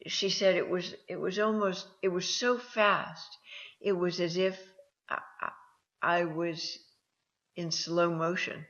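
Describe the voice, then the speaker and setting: A woman host telling personal stories about near-death experiences in a slow, halting way, with frequent ums and restarts. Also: on the low side, fairly bright tone. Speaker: host and counselor. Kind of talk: personal storytelling talk. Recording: dull lo-fi sound.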